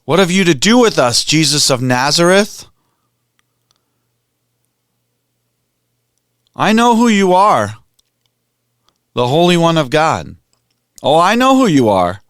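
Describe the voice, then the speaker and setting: A man voicing an unclean spirit that possesses a man, with a loud, guttural, high cry. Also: very animated, normal speed, clear, resonant tone, no room sound, studio quality. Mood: shrieking.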